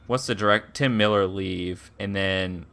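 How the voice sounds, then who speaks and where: A man's voice: deep voice, fairly even intonation, unhurried, gravelly, fairly bright tone, smooth. A man co-hosting a casual podcast, talking about films in a hesitant way with many ums. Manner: hesitant, lots of ums and restarts. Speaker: podcast co-host. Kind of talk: casual chat.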